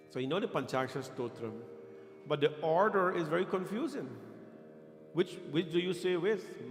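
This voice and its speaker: A man speaking as a pandit, teaching a sermon and coaching Sanskrit pronunciation while teasing his congregation. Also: mid-range voice. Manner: playful, quizzes and teases the congregation. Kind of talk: temple sermon with teaching and chanting. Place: temple hall. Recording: echoey hall with music behind.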